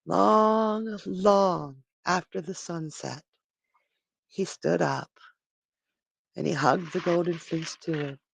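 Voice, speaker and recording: A storyteller on a live stream, narrating a myth dramatically, with pauses and restarts. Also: medium pitch, vocal fry.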